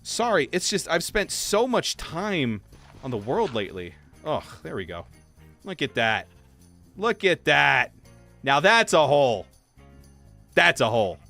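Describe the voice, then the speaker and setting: A young man livestreaming, casually telling a story while gaming, acting out quotes in high voices. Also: pushed and bright. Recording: faint game music behind.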